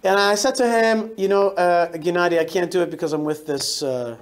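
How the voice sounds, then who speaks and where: A man in his forties, a rabbi giving a lively storytelling talk to a synagogue congregation, often restarting and repeating words. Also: high-pitched, fairly quick. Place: synagogue hall.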